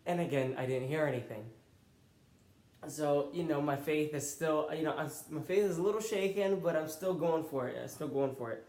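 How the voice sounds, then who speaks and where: A man's voice: fairly high pitch, normal speed, darkish tone. A young man telling a personal faith testimony in an earnest, conversational way. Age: young adult. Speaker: college student and youth pastor. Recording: roomy echo.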